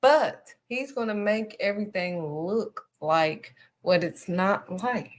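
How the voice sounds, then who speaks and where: A woman's voice: medium pitch, expressive, slow, hardly any pauses. A woman hosting a live stream, giving a faith encouragement talk and stressing her points by repeating them. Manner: emphatic, repeats key phrases. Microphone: streaming setup.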